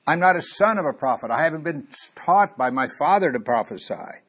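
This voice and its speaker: A man preaching a sermon, telling a Bible story and getting louder when he quotes scripture. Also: fairly high pitch, fairly quick, husky. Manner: animated, rising loud on quoted scripture.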